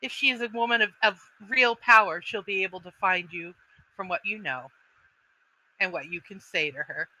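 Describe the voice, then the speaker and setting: A woman voicing a tall, imperious elvish woman who keeps slaves, speaking softly and possessively in a tabletop role-play. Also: mid-range voice, normal speed, dry recording, rough recording. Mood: scheming.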